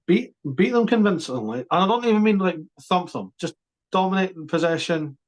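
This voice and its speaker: Man, casual sports chat, fairly high voice, emphatic, lively podcast host. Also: lo-fi sound. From Scotland. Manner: animated, emphatic, quick restarts.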